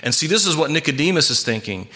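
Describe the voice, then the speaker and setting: A man's voice: fairly high pitch, big pitch swings, quick pace, bright, forceful tone. A man preaching a sermon, earnest and emphatic, with frequent restarts and repeated words. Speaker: pastor.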